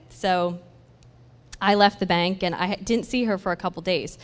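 A woman's voice: mid-range voice, moderate pace. Woman telling a faith story in a hall. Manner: animated storytelling that acts out dialogue, with laughs. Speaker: church speaker sharing a testimony. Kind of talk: personal faith testimony, storytelling. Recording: long hall reverb.

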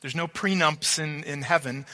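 A man preaching a sermon, his voice high and tense with a sharp, bright edge. He talks earnestly, repeating words to stress a point and asking his listeners whether they follow. The sound carries the long reverb of a large hall.

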